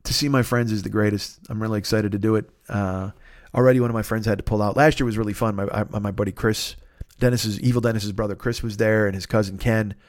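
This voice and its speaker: A man in his fifties hosting a casual solo podcast, rambling and swearing as he tells animated stories. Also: fairly low pitch, fast talker, no room sound, studio quality. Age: 50s. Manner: profane, rambling, animated storytelling. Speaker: podcast host.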